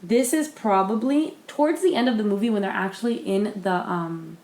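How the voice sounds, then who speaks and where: A woman's voice: mid-range voice, moderate pace, a little mellow. A woman co-hosting a podcast in casual chat, talking loosely with many fillers and restarts. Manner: chatty, lots of fillers and restarts. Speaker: podcast co-host. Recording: roomy echo.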